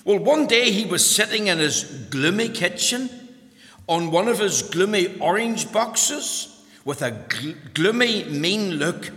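Bright-voiced man telling a children's story. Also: high-pitched, measured pace. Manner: lively, addresses children with questions. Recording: long hall reverb.

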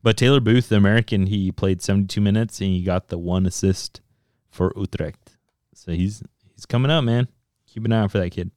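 A man co-hosting a soccer podcast in casual, animated chat, swearing freely and switching into Spanish. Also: on the low side, fairly quick, clear, resonant tone, no echo, clean studio sound.

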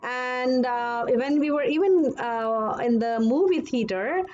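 A woman's voice: high voice, darkish tone, highs cut off. A woman guest earnestly telling a personal story about her husband and a frightening dream, her words speeding up when she quotes herself. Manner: earnest, emotional, fast bursts when quoting. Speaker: podcast guest.

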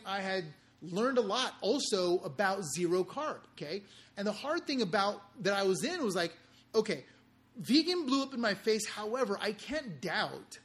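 Man, high voice, casual storytelling, animated, slangy, keeps saying okay. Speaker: podcast host.

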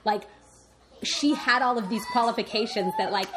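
A woman co-hosts a podcast, chatting casually and peppering every sentence with "like". The recording has a clear layer of background noise under her voice. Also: fairly high pitch, expressive, moderate pace. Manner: chatty, lots of "like" fillers, laughs while talking. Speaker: podcast co-host. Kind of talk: casual chat.

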